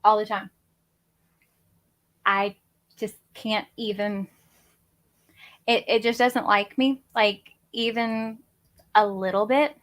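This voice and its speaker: A woman's voice: mid-range voice, fairly even intonation, slow, pauses often, fairly bright tone. A woman, hosting a casual livestream chat from her home office in a rambling, chatty, self-deprecating way. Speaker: crafting channel host.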